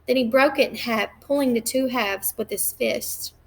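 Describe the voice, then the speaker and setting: A woman reads a novel aloud at a measured pace, now and then stumbling and restarting a phrase. Her voice sits a little high and carries some gravelly fry. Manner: measured, occasional slips and restarts. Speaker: reader.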